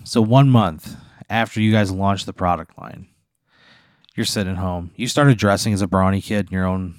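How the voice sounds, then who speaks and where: A young man, co-host of a comedy podcast, improvising a rambling, profane hypothetical with deadpan teasing. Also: low-pitched, moderate pace, no echo, studio quality.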